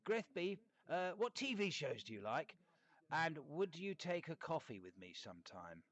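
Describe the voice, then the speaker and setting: A man voicing a sleazy, boastful middle-aged male cartoon bassist, rambling through fan questions in an in-character live chat. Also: very animated, moderate pace, fairly bright tone, lo-fi sound. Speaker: cartoon band member answering fan questions.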